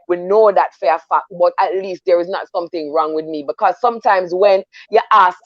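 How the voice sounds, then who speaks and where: A woman's voice: lowish voice, fairly quick, few pauses, no room sound, lo-fi sound. A woman with a Jamaican accent on a discussion panel, speaking animatedly and slipping between standard English and patois.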